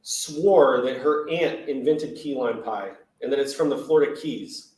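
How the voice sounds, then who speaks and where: A man's voice: mid-range voice, measured pace, a little mellow, echoey room, low-quality recording. A man co-hosting a casual livestream chat, telling stories in a dry, joking manner. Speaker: livestream co-host.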